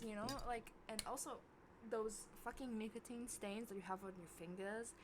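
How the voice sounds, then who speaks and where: A young woman vlogger telling a story casually to camera, swearing often and getting loud when worked up. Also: normal speed, a little hiss or hum. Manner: animated, swears a lot, voice jumps high when worked up.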